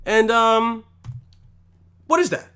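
A man's voice: very high-pitched, expressive, slow, sharp tone, smooth. A young man ranting to camera with constant swearing, rambling and mock exasperation. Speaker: vlogger. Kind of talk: profane comedic rant.

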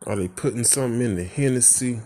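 A man's voice: mid-range voice, quick pace, dark tone. A man venting in an angry, profane rant, full of rhetorical questions and frustration.

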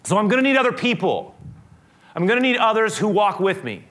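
A male pastor with a fairly high, bright, forceful voice delivers an earnest sermon. He presses hard on key words, then drops to a soft, hushed tone when he prays. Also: sing-song, a little fast. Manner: earnest and emphatic, swinging between loud preaching and hushed prayer. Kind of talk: sermon with closing prayer.

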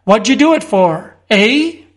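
A man voicing a gruff, belligerent village police constable who talks in blunt, common speech. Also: high voice, expressive, takes it slowly. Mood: angry. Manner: blustering, scornful, common speech.

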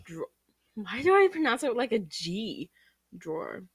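A woman's voice: a little high, very animated, a little slow, breathy edge, dry recording. A young woman from the Midwest co-hosting a podcast, chatting casually, laughing often and drifting off on tangents. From American Midwest. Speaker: podcast co-host. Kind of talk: casual chat.

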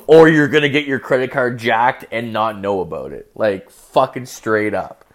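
A young man ranting his way through a story in a crude, profane style. He rambles and leans hard on filler words as he goes. His voice sits in an ordinary middle pitch. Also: unhurried.

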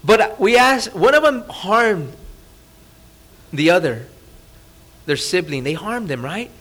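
Lively, high-voiced preaching pastor. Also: male voice, slow pace. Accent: Californian. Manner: conversational, asks the audience rhetorical questions; drops to a soft, hushed voice for emphasis. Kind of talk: sermon. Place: church.

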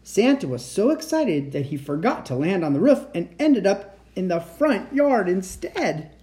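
A man reading a children's picture book aloud as a bedtime storyteller, expressive and animated. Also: high-pitched, a little slow.

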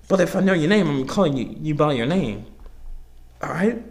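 A man's voice: lively intonation, normal speed. Rambling, swearing young man on a podcast. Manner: rambling, loose and profane, with frequent fillers; swings between loud heated outbursts and low mumbles. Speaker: podcast host. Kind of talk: casual solo rant.

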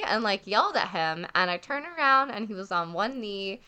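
Chatty young woman telling a trip story, bright smooth voice, lots of likes. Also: medium pitch, moderate pace. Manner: chatty, lots of "like" fillers, animated retelling. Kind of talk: casual chat.

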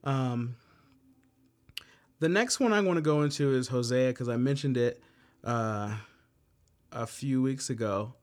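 A man's voice: medium pitch, unhurried, long pauses. A man leading a casual Bible study. He reads scripture aloud, explains it in plain talk, and drops joking asides.

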